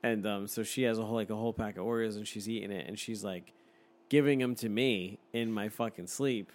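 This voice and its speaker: A man's voice: fairly low pitch, steady tone, fairly quick, slight background noise. A man in his thirties telling a story in casual chat, swearing freely and laughing often.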